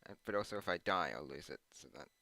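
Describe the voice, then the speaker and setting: Gaming host, man, low and bright, dry close sound, rambling and hesitant. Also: animated, fast talker, no echo. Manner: meandering and hesitant, with many ums and uhs; self-deprecating asides. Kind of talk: rambling commentary while playing a video game.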